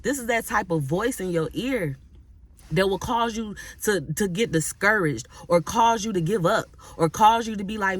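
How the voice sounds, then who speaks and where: A woman's voice: medium pitch, moderate pace. A woman who works as a Christian life coach, giving an emphatic motivational message straight to her audience, repeating phrases and often asking "right?". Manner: addresses audience directly and casually. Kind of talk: motivational preaching to camera.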